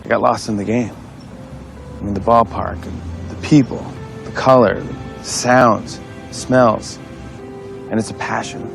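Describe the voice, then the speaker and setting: A wistful baseball dreamer. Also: male voice, on the low side, steady tone, unhurried, creaky, pauses often. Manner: earnest, reflective. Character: wistful grown man in love with baseball. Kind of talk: film dialogue. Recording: film clip with music under it.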